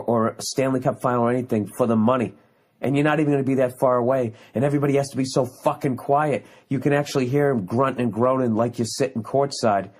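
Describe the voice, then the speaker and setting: A man's voice: mid-range voice, a little mellow. A man in his forties hosting his own podcast, telling a story in a heated, profane, ranting way. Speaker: podcast host. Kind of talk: casual solo podcast monologue.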